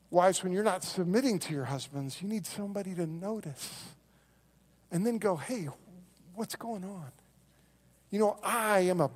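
A middle-aged man preaching in a church, his voice riding high as he acts out the people in his stories. He swings between loud, animated bursts and quiet, earnest asides. A long reverb from the hall trails behind every phrase. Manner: animated storytelling, acting out quoted voices, then dropping to soft earnest lows. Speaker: pastor. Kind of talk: sermon. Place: church sanctuary.

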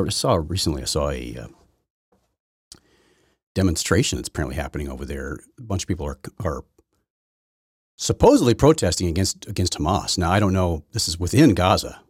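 A man's voice: deep voice, a little mellow, slightly rough, dry recording, clean studio sound. A man hosting a solo political commentary podcast, rambling and combative, often correcting himself mid-sentence. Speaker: podcast host.

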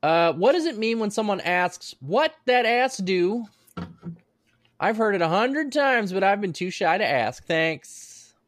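A young man co-hosting a comedy podcast, joking in a dry, deadpan, mock-naive way. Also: sits high, normal speed, no room sound. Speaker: podcast co-host. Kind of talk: casual comedy podcast chat.

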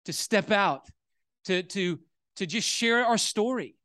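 A man's voice: sits high, animated, takes it slowly, sharp tone, no echo, studio quality. A man preaching, telling a personal story in a sermon with many fillers and restarts. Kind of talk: sermon testimony.

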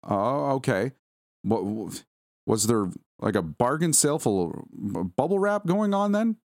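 A man's voice: medium pitch, lively intonation, a little slow, a little mellow, dry recording, studio quality, voice pushed up. A man voicing an exasperated young wife in a story, speaking sarcastically with a raised, strained voice.

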